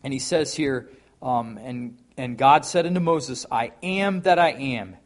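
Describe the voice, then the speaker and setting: A man preaching a sermon. He reads scripture aloud and mixes in folksy, conversational asides. He swings from loud, emphatic declaiming to quiet remarks. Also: medium pitch, a little slow.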